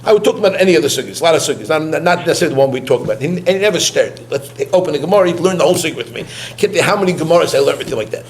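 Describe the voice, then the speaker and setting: Man, high-pitched, eulogy storyteller; halting delivery, Yiddish and Hebrew terms scattered throughout. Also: expressive, creaky, slight background noise. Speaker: eulogist, former student. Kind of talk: eulogy told as personal anecdotes.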